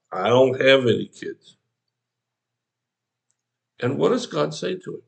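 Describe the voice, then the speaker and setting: A man's voice: mid-range voice, vocal fry. A man, an older pastor, giving a devotional sermon in a folksy, conversational way, talking straight to the listener.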